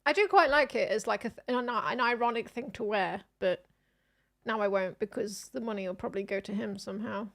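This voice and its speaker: A woman's voice: mid-range voice, a little fast, gravelly, fairly bright tone. A woman, chatting casually and offhandedly as a streamer reacting to videos. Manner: musing, offhand. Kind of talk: casual chat.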